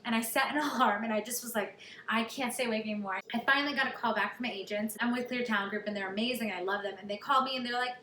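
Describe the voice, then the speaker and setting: A young woman vlogger telling a personal story in a chatty, animated way, full of likes. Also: a little high, racing, hardly any pauses. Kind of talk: storytelling to camera. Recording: echoey room, faint noise.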